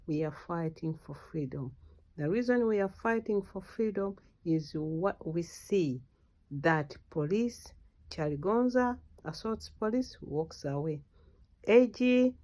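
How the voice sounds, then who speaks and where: A middle-aged woman from Uganda speaks as an activist in a fervent political address. She exhorts her listeners, her voice jumping up into sudden loud, insistent outbursts. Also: on the low side. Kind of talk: impassioned political speech.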